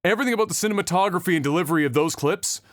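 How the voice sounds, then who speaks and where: A man's voice: sits high, rapid-fire, no room sound, clean studio sound. A man co-hosting a podcast, ranting casually with lots of swearing, fillers and restarts. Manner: profane, rambling rant with many fillers. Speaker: podcast co-host.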